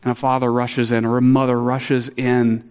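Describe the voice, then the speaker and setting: A middle-aged man preaching a sermon, earnest and animated, acting out quotes with a lifted voice. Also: normal speed, clean tone. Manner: earnest, animated, acts out quotes with rising pitch. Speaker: pastor. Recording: long hall reverb.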